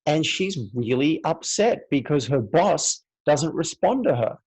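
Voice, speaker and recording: A man's voice: fairly high pitch, animated, measured pace, darkish tone, slightly rough, rough recording. A man hosting an interview, responding with enthusiastic affirmation and reflecting his guest's points back. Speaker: host. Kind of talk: interview conversation.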